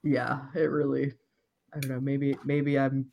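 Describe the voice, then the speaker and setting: Podcast cohost, halting casual talk, lots of yeahs. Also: mid-range voice, flat delivery, creaky, a little mellow. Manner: halting, restarts, brief agreeing replies. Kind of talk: casual chat about a video game.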